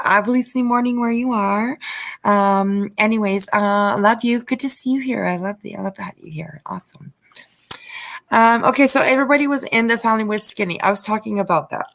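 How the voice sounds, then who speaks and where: A woman's voice: mid-range voice, fairly even intonation, moderate pace, fairly bright tone. A woman hosting a casual livestream, reading a news story aloud, greeting viewers, and getting heated and swearing, with lots of fillers and restarts. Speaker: livestream host.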